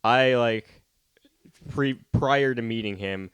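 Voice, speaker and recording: A young man co-hosting a podcast, joking in casual chat with quick asides and stammering restarts. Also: medium pitch, smooth, no room sound. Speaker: podcast co-host.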